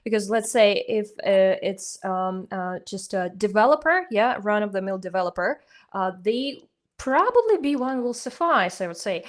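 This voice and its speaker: A woman whose first language is Russian, hosting an interview and explaining points in a measured, teacherly way. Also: medium pitch, lively intonation. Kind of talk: conversational interview.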